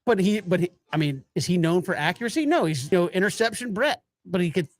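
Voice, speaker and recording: A man's voice: high-pitched, animated, brisk. A man co-hosting a sports talk show, chatting casually, laughing easily and poking fun at himself. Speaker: co-host.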